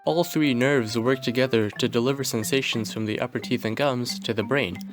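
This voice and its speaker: A young man giving a dry, deadpan mock-scientific commentary, sounding tired from a late-night home recording. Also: mid-range voice, fairly quick. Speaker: video essayist. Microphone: home recording mic. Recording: voice over clear background music.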